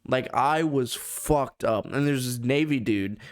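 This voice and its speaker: Young American male podcast co-host, smooth voice, mid pitch, loose profane storytelling. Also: a little slow. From United States. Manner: crude, rambling storyteller, heavy swearing. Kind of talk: casual podcast chat.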